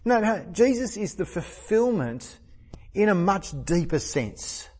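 A man's voice: high-pitched, big pitch swings, unhurried, darkish tone, breathy edge. A middle-aged man preaching a sermon, earnest and emphatic, repeating phrases for stress.

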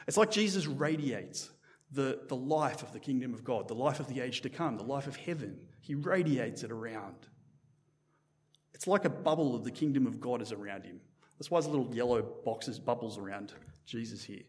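A man preaching a sermon in a church in a conversational, animated way, often restarting his sentences. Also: medium pitch, normal speed, in a large hall. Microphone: microphone.

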